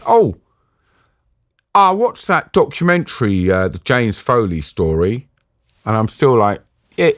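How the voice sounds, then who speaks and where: A middle-aged man with a London accent tells his story in a low voice, intense and halting, restarting his sentences and acting out what others said. The sound is dry and close, with no room around it. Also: dry recording. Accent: London English. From England. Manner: intense, halting, with frequent restarts and quoted exchanges. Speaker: interview guest. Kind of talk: emotional storytelling in a podcast interview.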